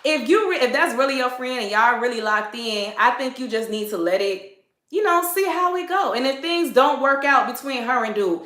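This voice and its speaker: A Southern woman in her thirties chats animatedly on a livestream, her voice bright and a touch high. Her talk is loose and playful, full of laughter. The sound carries the echo of a hard-walled room. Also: moderate pace. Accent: Southern American. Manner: chatty, animated, greets viewers, laughs often. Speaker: livestream advice host. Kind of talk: casual livestream chat. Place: indoor room, seated.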